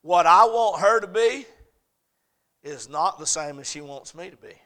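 A middle-aged man preaching a sermon, swinging between loud urgent points and soft storytelling. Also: high-pitched, expressive, a little slow.

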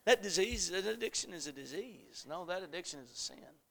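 High bright preacher. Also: male voice, animated, a little fast, gravelly. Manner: preaching with sudden shouted, tearful climaxes and dramatic quoted voices. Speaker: pastor. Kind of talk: sermon. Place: church sanctuary.

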